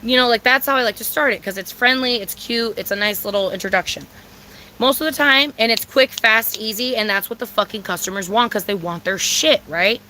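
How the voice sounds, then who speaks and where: A woman's voice: fairly high pitch, brisk, slight background noise, poor audio. A woman telling a storytime rant in casual, blunt, profane talk, repeating herself for emphasis. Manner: profane, blunt and repetitive, with lots of fillers; animated, with sudden loud outbursts.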